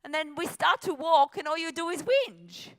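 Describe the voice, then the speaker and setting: A woman's voice: animated, moderate pace. Australian woman doing a blunt male trekking porter. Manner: blunt, louder and higher than her own voice.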